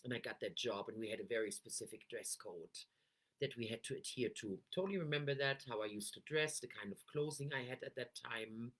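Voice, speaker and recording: A woman's voice: extremely low pitch, a little fast, slightly rough. A middle-aged woman giving a coaching talk straight to camera. She speaks expressively and keeps shifting her voice tone to make a point. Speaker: NLP coach.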